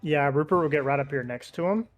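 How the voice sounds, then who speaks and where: A man playing a tabletop game, talking in an easygoing, hesitant way that trails off quietly. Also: fairly high pitch, fast, faint music behind. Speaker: player. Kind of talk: casual tabletop play.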